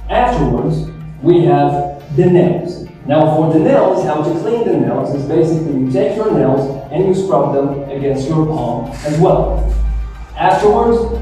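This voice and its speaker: A man's voice: fairly high pitch, dark tone. A male teacher giving a classroom lesson, patiently quizzing students and repeating their answers. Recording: echoey classroom from far off, faint music.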